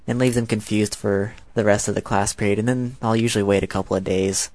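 Low-voiced 19-year-old American man. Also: steady tone, fast talker, creaky, few pauses, a little mellow, dry recording. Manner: chatty, rambling. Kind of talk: casual spoken monologue.

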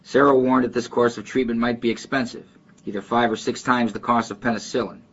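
A man's voice: medium pitch, flat delivery, brisk, a bit bright, highs cut off. A man with a Chicago accent who reads a short story aloud and then chats loosely about how people talk, with restarts along the way. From Chicago, near West Side. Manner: rambling, with restarts and asides. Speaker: dialect archive speaker. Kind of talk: reading a passage, then casual talk.

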